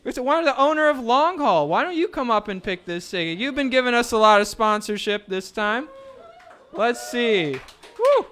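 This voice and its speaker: High-voiced, bright, joking male emcee. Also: expressive, moderate pace. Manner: joking, playful banter with the crowd. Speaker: raffle emcee at a fundraiser event. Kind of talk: live event announcing. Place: indoor event venue with a live audience.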